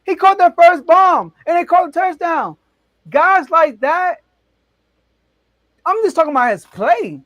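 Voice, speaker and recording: A man hosting a casual sports debate show, telling stories in an animated, excitable way with big jumps in his voice. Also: very high-pitched, measured pace, pauses often, no room sound, muffled recording.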